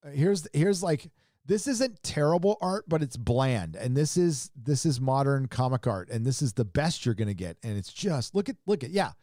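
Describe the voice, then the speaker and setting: A man's voice: medium pitch, gravelly, mellow, dry recording. Rambling male commentary host, dry sound. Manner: rambling, restarts often, chuckles and reacts to images. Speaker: show host. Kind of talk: casual livestream commentary.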